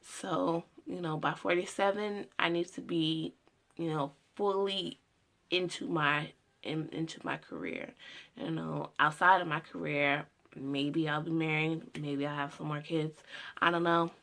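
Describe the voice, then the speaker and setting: A woman's voice: low-pitched, fairly even intonation, unhurried, gravelly, fairly bright tone. A woman in her twenties giving a casual personal monologue about her future, rambling with many "you know" fillers. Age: 20s. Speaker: student making a personal video.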